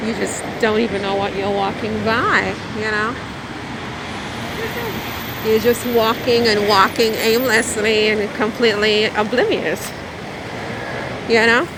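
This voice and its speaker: Slow, chatty woman on a noisy street. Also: medium pitch, fairly even intonation. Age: 50s. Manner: rambling, chatty, self-mocking, with many fillers. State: a little anxious. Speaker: vlogger. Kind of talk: casual walking vlog. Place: city street at night. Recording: outdoor street noise. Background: traffic and street noise.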